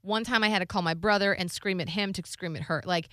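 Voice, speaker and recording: A bright, forward woman in her thirties tells a family story in easy conversational style, full of "like" and acted-out quotes. The sound is dry and close, with no room around it. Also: mid-range voice, quick pace, dry recording. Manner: animated, acts out quotes, many "like"s. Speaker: guest sharing a personal story.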